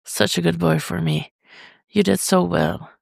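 A reader voicing a dominant but tender adult male lover in an audio story, speaking low and coaxing. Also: steady tone, unhurried, gravelly, no echo, studio quality. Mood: soft, soothing.

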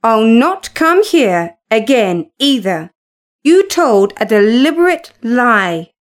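A woman voicing an offended young gentleman who speaks coldly and firmly. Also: a little high, sing-song, takes it slowly. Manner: cold and firm.

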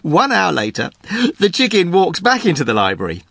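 Husky man telling a joke. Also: a little high, wildly swooping pitch, normal speed, fairly bright tone, dry recording, clean studio sound. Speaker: studio guest telling a joke.

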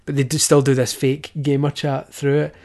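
A man talks through a podcast with a friend in a loose, sarcastic way. He swears freely, laughs often and sits at an ordinary middle pitch. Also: little pitch movement, normal speed, vocal fry, darkish tone. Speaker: podcast host. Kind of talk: casual chat.

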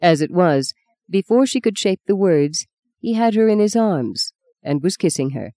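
Reading a novel aloud, a female audiobook narrator keeps her storytelling measured and even. She has a lowish voice, recorded dry with clean studio quality.

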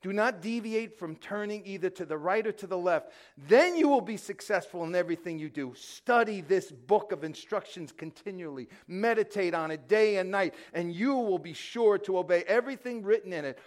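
This is a middle-aged preacher with a fairly high voice. He preaches with fervor, jumps between loud bursts and near-hushed lines, and stumbles over repeated words when he gets going. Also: animated, moderate pace, hardly any pauses. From New York. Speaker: pastor. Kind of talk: sermon.

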